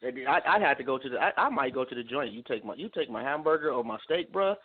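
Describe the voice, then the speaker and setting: Husky, joking male co-host, lo-fi. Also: mid-range voice, expressive, fast talker. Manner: joking, laughs between lines. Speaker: radio co-host. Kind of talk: casual radio chat.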